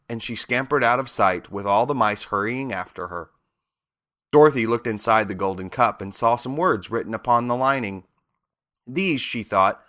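A man reading a children's storybook aloud with expressive narration. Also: medium pitch, normal speed. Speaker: reader.

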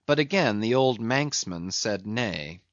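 A man reading a classic novel aloud with measured, expressive storytelling. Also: fairly low pitch, no room sound, muffled recording. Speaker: audiobook narrator.

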